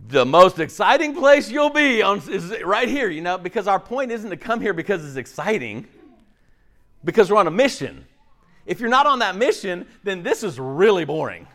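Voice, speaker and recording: A man preaching a sermon in a conversational, animated way, often checking in with "okay?" and "right?" and acting out little voices. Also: high-pitched. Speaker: pastor.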